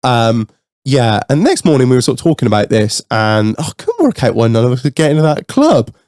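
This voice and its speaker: A man's voice: medium pitch, brisk, dry recording, clean studio sound. A young man co-hosting a podcast, telling a rowdy story in casual, sweary chat and laughing as he goes. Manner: sweary, animated storytelling, laughs through his own stories. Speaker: podcast co-host.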